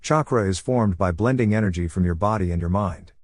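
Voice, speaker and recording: A man reading a patient, gentle female spirit mentor from a fan-fiction story, calm and low. The sound is dry and close with no room around it. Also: a little fast, no room sound.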